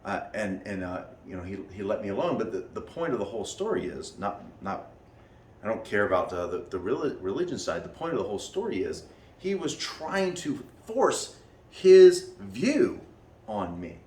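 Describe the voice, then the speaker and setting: A man telling a story to his class as their teacher, animated, acting out what people said with many restarts. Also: on the low side, normal speed, roomy sound, far from the mic, a little hiss or hum. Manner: animated, acts out quotes in raised voices, many restarts. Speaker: martial arts teacher leading a class. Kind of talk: storytelling lesson to students.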